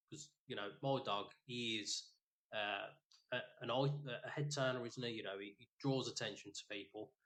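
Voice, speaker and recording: A man, co-hosting a podcast and telling a rambling, sweary story in casual chat. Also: fairly low pitch. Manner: rambling, sweary, animated retelling. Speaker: podcast co-host.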